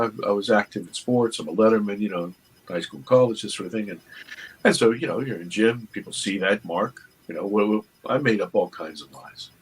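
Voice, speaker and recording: Husky low-voiced man telling a story. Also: poor audio. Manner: earnest, reflective, with halting restarts. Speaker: interview guest, documentary producer. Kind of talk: personal storytelling.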